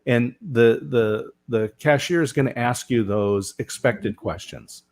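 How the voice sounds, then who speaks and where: A man's voice: fairly low pitch, unhurried, a little mellow. A man hosting a live panel talk show, telling stories and often asking "right?". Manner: storytelling, asks rhetorical "right?". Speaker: show host.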